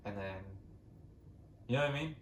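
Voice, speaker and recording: A man's voice: medium pitch, lively intonation, moderate pace. A young man in casual gameplay commentary, rambling, swearing freely and restarting his sentences. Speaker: gaming channel host. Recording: echoey room with faint noise.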